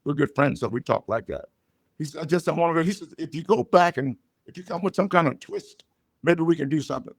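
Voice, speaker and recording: An older man, a comedian guest, telling stories and jokes in a loud, punchy way. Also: a little high, quick pace, no echo, studio quality. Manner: loud punchy joke delivery, animated storytelling. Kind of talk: storytelling comedy chat.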